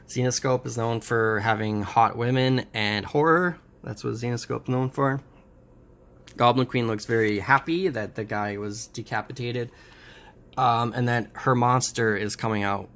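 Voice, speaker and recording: In a halting way full of pauses and restarts, a man casually sums up and reviews a comic book. His voice is mid-range with a fairly bright tone.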